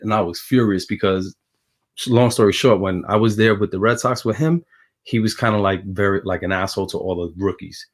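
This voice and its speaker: A man with a New York accent, a former pitcher telling a story as a guest in a casual chat, animated and laughing as he talks. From Brooklyn, New York.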